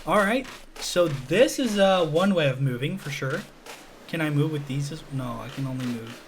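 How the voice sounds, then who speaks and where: A man's voice: fairly high pitch, lively intonation, moderate pace, a little hiss or hum. A young man casually commentating a game on his stream, joking and slangy. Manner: joking, slangy, laid-back.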